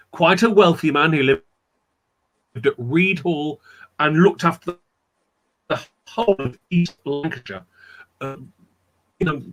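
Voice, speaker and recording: A man telling a dramatic folk tale as a guest storyteller, acting out the characters' voices. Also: on the high side. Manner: animated, acts out characters' voices.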